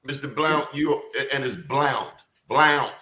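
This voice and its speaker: A man's voice: medium pitch, fairly quick, a bit bright. A man hosting a political roundtable, bluntly pushing his guests to respond. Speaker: host. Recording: roomy echo.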